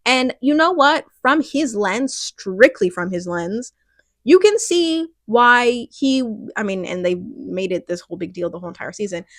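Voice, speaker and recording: A young woman chatting casually about a TV finale, animated and rambling, laughing often and restarting her thoughts. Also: on the high side, unhurried, dry recording, studio quality. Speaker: youtuber reviewing a TV finale. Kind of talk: casual chat.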